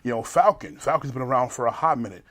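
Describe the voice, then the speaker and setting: An enthusiastic man co-hosting a casual podcast chat. His pitch sits in the middle, and he stacks quick repetitions as he talks. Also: fairly bright tone. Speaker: podcast co-host.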